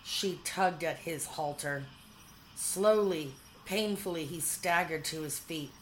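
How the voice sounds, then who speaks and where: A woman narrating a whimsical storybook in a measured, dryly humorous way. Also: sits low, a little hiss or hum, low-quality recording.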